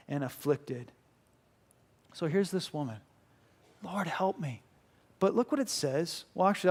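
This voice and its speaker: Impassioned high-voiced male preacher. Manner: impassioned, swings between loud and hushed; acts out quoted voices. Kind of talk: sermon.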